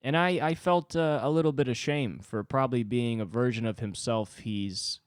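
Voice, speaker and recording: A man's voice: mid-range voice, moderate pace, clear, resonant tone, dry recording, clean studio sound. A young man hosting a solo podcast, telling a frustrated, profanity-laced story and reflecting on his own anger. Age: young adult. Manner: ranting, profane, self-reflective. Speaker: podcast host. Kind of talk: solo confessional monologue.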